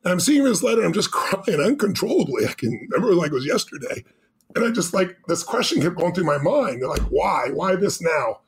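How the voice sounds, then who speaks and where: A middle-aged man tells a personal story as a podcast guest, his voice rising and then dropping low. He talks quickly and in a fairly high register for a man. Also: big pitch swings. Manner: intense storyteller, swings between loud and hushed. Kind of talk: telling a personal story in an interview.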